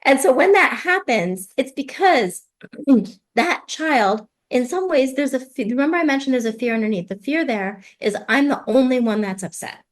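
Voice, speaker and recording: Woman coach talking parenting, animated, jumps into little voices of parents and kids. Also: high-pitched, normal speed. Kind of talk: explaining parenting advice in conversation.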